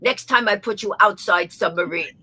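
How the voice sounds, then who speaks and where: A man's voice: sits high, normal speed, pushed and bright, husky, no echo, exaggerated voice. A woman voicing an exasperated male submarine pilot with a Russian accent, speaking in blunt, clipped complaints.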